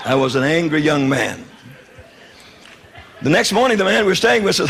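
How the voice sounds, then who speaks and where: A man's voice: on the high side, expressive, brisk, creaky, fairly bright tone. A man from the South, preaching his testimony in a folksy, humorous way and acting out dialogue. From Southern United States. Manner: folksy, humorous, wry storytelling with quoted dialogue. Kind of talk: sermon testimony storytelling.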